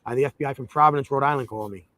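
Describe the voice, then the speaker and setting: A former state representative in an interview, recounting events animatedly and acting out both sides of phone calls. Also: male voice, mid-range voice, racing, dry recording. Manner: animated, quotes dialogue with mocking jokes. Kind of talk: interview storytelling.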